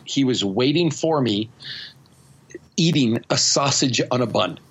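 A man's voice: medium pitch, lively intonation, measured pace, husky, low-quality recording. A man hosting a podcast, telling stories in a blunt, profane, self-mocking way. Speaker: podcast host. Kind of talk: casual storytelling chat.

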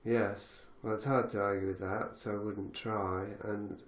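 A man who lives in Galicia hosts a podcast conversation in a fairly low, unhurried voice with little pitch movement, recorded with roomy sound. He's reflective, thinking aloud with many fillers and restarts.

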